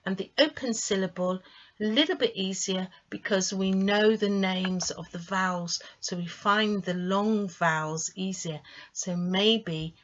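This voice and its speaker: A woman teaching English pronunciation in an online lesson, speaking clearly and encouragingly with careful emphasis on sounds. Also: mid-range voice, measured pace, fairly bright tone. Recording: slightly dull lo-fi audio.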